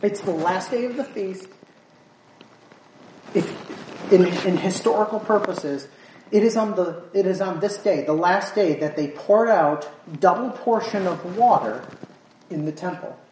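A woman preaching and reading scripture with emphatic, repetitive force that climbs toward shouts. She sounds set back from the mic, and her voice rings around a roomy hall with a faint hiss behind it. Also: fairly low pitch, a little slow. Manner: emphatic, repeats words, rising to near shouts. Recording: roomy echo, voice from far off.

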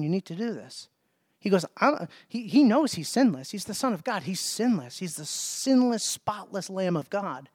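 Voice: medium pitch, darkish tone, no room sound. Emphatic preacher, dry close sound. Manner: emphatic, asks rhetorical questions, repeats words. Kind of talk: sermon.

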